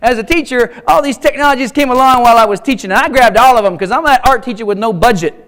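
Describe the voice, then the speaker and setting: A man's voice: extremely high pitch, fast talker, fairly bright tone. A man in his fifties, a teacher, giving a humorous keynote speech with wry, self-mocking stories and punchy short lines. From Kansas. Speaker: keynote speaker, art teacher.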